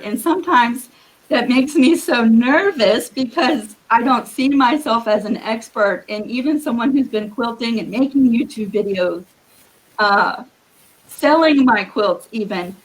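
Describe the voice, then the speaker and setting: A woman giving earnest, encouraging quilting advice as a guest on a live video call, with a husky morning voice. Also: on the high side, low-quality recording. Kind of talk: live-streamed advice talk.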